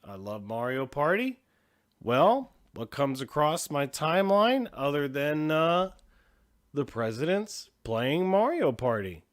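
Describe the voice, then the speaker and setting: A man's voice: on the high side, sing-song, slow pace. A man hosting a show, casually reacting to video clips with profane, chatty commentary. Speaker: host.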